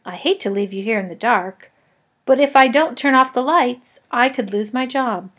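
A jovial middle-aged night janitor, put on by a woman reading aloud, chatty and full of jokes. He talks loud and high for a man, with a bright, bouncing lift in his voice. This storybook character is friendly through and through. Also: moderate pace, husky. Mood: kindly.

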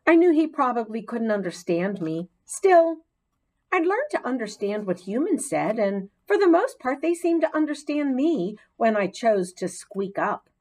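A woman narrating a children's storybook in the voice of a chatty hamster classroom pet, with expressive storytelling. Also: on the high side, moderate pace, few pauses. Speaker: audiobook narrator.

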